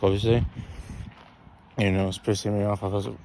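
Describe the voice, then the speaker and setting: Young adult male storyteller, slightly low-pitched, talks in loops and corrects himself as he goes. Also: little pitch movement, moderate pace, a little mellow, slight background noise. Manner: rambling, repetitive, keeps correcting himself. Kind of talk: casual storytime.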